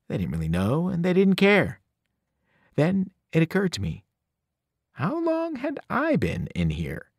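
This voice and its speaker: Expressive male teacher reading aloud. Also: no room sound, clean studio sound. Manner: expressive storytelling, varied pitch. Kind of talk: audiobook read-aloud.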